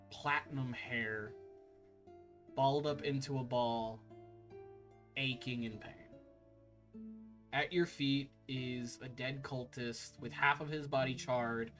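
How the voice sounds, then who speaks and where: A man narrating scenes as the game master of a tabletop game, slow and descriptive with filler words. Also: medium pitch. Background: faint background music.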